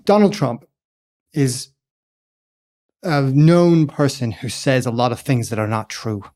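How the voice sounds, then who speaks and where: A man's voice: mid-range voice, expressive, slow, a little mellow. A man who is a journalist, a guest on a podcast, thinking aloud and hedging as he explains. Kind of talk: casual interview answer.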